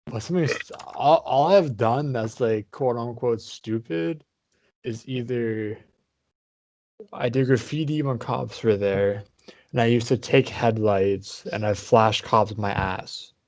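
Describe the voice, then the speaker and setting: A man's voice: mid-range voice, unhurried, darkish tone, no room sound, studio quality. A man in casual podcast chat, hesitant and rambling, swearing often.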